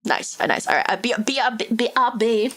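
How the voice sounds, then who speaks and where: A young woman streaming a game live, chatting to her viewers in a high-energy, rambling way, swearing and saying "like" often. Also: expressive, a little fast, a bit bright. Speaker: VTuber streamer.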